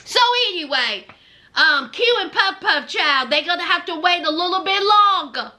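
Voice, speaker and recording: Animated high-voiced woman recapping TV. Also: moderate pace. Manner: animated storyteller who acts out quotes; chatty and gushing, with many fillers. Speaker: reality TV recap host. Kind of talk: casual recap commentary.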